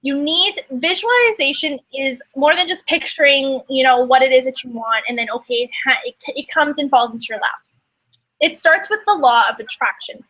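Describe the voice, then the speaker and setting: A young woman with a high, bright voice gives a casual motivational talk to her team. She speaks emphatically and acts out her own inner voice in quoted asides. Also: moderate pace, rough recording. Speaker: network marketing coach.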